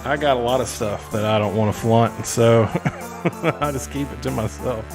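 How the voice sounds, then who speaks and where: A man's voice: mid-range voice, steady tone, moderate pace, music in the background. A man co-hosting a casual podcast, joking and laughing between lines. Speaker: podcast co-host. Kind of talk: casual chat.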